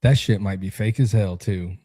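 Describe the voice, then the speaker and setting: Blunt, profane podcast host with a dark voice. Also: male voice, lowish voice, moderate pace, husky, dry recording. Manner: blunt, profane, animated ranting. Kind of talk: casual chat.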